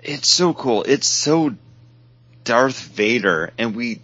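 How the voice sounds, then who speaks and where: Here a male podcast co-host, medium-pitched, expressive and slow, with a slightly bright, husky tone, talks comics in a loose, lively way, sometimes performing brief quotes. The recording is dry, dull lo-fi podcast sound.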